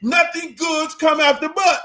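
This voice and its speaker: Older guy ranting loud on his show, cussing a lot, acts out voices, highish voice. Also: measured pace. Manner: animated, acts out others' voices, heavy cursing. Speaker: host. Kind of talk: profane commentary monologue.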